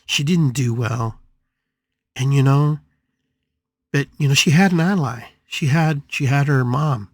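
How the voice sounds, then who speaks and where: This podcast host tells a story with drama and emphasis on his spiritual show, repeating phrases for effect. His medium-pitched voice moves at a measured pace with frequent pauses, recorded in studio quality with no echo.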